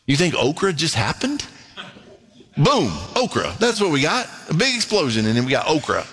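A male preacher with a fairly high voice delivers a sermon and reads scripture aloud. He is emphatic, sinking to hushed tones and then climbing into excited, rising questions. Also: moderate pace, soft background music. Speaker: pastor.

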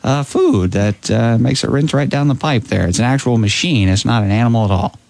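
A man doing a comedic radio call-in sketch, halting with many fillers and breaking into laughs. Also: mid-range voice, gravelly, darkish tone, a little hiss or hum, lightly acted.

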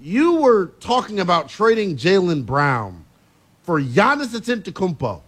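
A man hosting a sports talk radio show, emphatic and quick to laugh as he argues his takes. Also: high voice. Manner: animated, emphatic, laughs easily.

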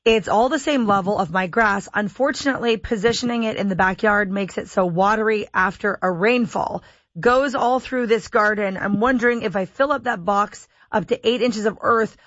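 A woman's voice: medium pitch, moderate pace, fairly bright tone, no room sound, highs cut off. A woman radio host reading listener questions aloud and teasing her guest in a playful way. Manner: playful, reads messages aloud and teases.

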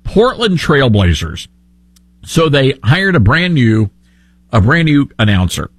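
A man's voice: medium pitch, big pitch swings, slow pace, dry recording. A man with a Southern accent hosting a talk radio show, sarcastic and opinionated.

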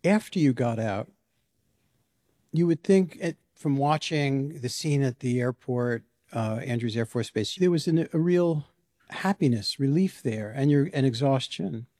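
Mellow-voiced male interviewer, probing. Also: medium pitch, lively intonation, measured pace, no echo, clean studio sound. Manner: probing, thoughtful. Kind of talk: interview questions.

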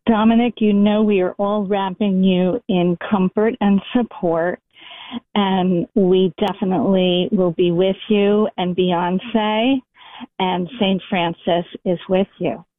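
A woman's voice: medium pitch, fairly even intonation, slow pace, no room sound. A woman calling in to a radio talk show, earnest and hesitant with many ums. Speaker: caller. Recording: phone line.

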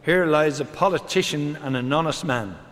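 An older man, telling a string of deadpan one-liner jokes on stage. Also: fairly high pitch, normal speed, long reverb tail. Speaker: comedian. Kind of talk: stand-up joke telling.

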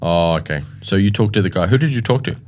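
A lower-pitched man co-hosting a radio show. He keeps the chat loose and casual, with plenty of teasing banter. His voice sits a bit low for a man. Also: expressive, fast talker. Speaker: radio co-host.

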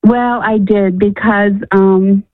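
A woman's voice: mid-range voice, fairly even intonation, takes it slowly, no echo. A woman from Illinois calling in to a radio show, rambling with many fillers and restarts. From Illinois, USA. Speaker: caller. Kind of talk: phone-in conversation. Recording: tinny phone line.

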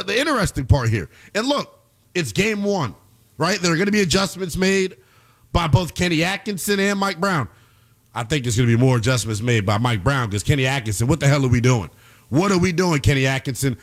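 A man hosts a basketball commentary show in a high, lively voice. He talks emphatically, breaking into loud bursts and then rattling off quick asides. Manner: emphatic, swings between loud outbursts and fast asides. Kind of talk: animated sports commentary.

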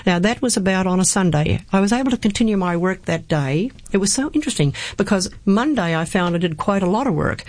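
A woman's voice: mid-range voice, expressive, fast, few pauses, no room sound. A woman talking earnestly as an interview guest, telling a personal faith story and quoting scripture. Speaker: guest speaker. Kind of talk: personal testimony in conversation.

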